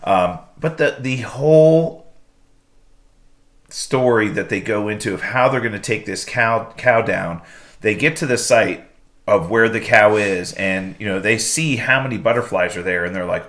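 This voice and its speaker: A man with a low voice co-hosts a casual podcast. He retells scenes in a lively way and acts out the characters' lines as he goes. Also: normal speed. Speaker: podcast co-host. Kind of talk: casual chat.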